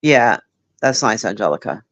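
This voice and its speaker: A man's voice: lowish voice, very animated, moderate pace, a bit bright. A man streaming and chatting casually with viewers, swearing freely, rambling with lots of fillers and answering chat by name. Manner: profane, rambling, with many fillers; talks straight to chat by name.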